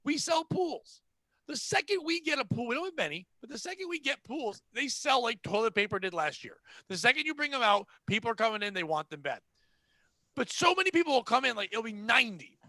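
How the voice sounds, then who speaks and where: High bright-voiced ranting man. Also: big pitch swings, fairly quick, no room sound. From Connecticut. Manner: profane, exasperated ranting about customers. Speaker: podcast host. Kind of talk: casual ranting chat.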